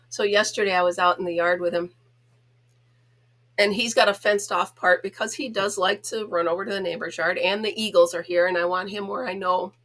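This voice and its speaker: A woman's voice: medium pitch, fairly bright tone. A middle-aged woman from the United States hosting a casual home chat vlog, talking in a chatty, giggly, self-teasing way. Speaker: host.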